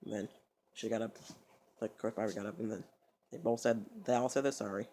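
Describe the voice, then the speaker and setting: A man's voice: lowish voice, fairly even intonation, a little fast, dark tone, a little hiss or hum. A man vlogging, telling a story in a loose, rambling way full of cursing and stumbling restarts.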